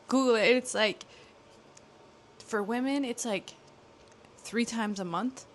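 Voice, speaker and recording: A woman's voice: mid-range voice, a little slow, pauses often, a little hiss or hum. A young woman vlogging in a casual, candid way, rambling with lots of fillers as she talks to the camera. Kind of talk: casual confessional vlog.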